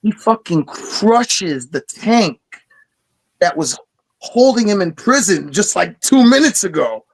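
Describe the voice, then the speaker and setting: Hyped-up guy ranting about cartoons, kinda high voice, cusses a lot. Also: slow pace, poor audio. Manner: excited, swearing, storytelling. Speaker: podcast host. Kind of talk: casual chat.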